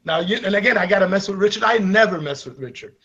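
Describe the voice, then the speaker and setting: A man on a live online call-in show, chatting casually and ribbing the others with loud joking bursts. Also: high voice, fast talker, breathy edge, dull audio. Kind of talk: casual teasing chat.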